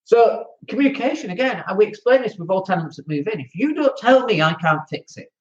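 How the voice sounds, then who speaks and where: An excitable Northern English man hosting a podcast, talking casually about running rental properties with mock outrage. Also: high voice, brisk, lo-fi sound. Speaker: podcast host, landlord. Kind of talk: animated casual talk.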